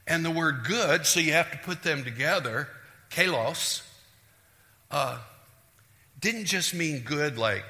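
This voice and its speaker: Middle-aged pastor guy preaching, lively, acts out voices, goes loud then quiet, bright sharp voice, big echoey church. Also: fairly high pitch, slow, pauses often. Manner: animated, acts out quoted voices, shifts between loud and hushed. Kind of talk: sermon. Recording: reverberant hall.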